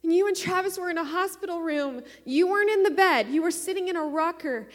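A woman pastor in her thirties sharing an emotional personal testimony in a sermon, often quoting others in a softer voice. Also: very high voice, a little fast, in a large hall.

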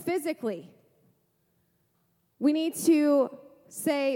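High-voiced woman preaching in a hall. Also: normal speed. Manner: lively, rhetorical questions, playful asides. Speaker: pastor. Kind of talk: sermon.

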